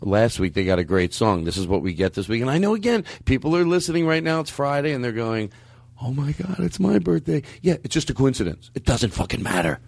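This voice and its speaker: A man's voice: mid-range voice, very animated, fast, hardly any pauses, no echo. A man hosting a comedy podcast, talking in a rambling, playful way with jokey asides. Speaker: podcast host. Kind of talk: casual comedy podcast chat.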